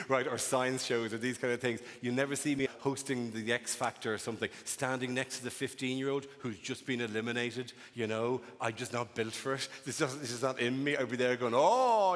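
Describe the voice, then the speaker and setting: A man's voice: mid-range voice, fairly bright tone. Wry Irish stand-up man in a reverberant theatre. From Ireland. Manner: wry, cynical storytelling with voices. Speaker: stand-up comedian. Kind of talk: stand-up comedy set. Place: large theatre with audience. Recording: live theatre with long reverb and audience.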